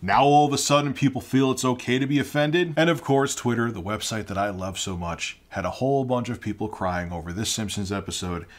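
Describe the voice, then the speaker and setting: A man's voice: mid-range voice, fairly quick, hardly any pauses. A man giving ranting opinion commentary, indignant and heated, firing off rhetorical questions. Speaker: online commentator.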